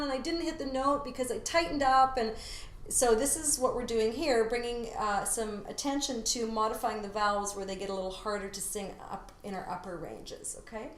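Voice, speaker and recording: A woman's voice: a little high, echoey room, a little hiss or hum. A woman vocal coach teaching a singing lesson step by step, now and then singing short phrases to show a point. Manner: explains step by step, demonstrates sung phrases.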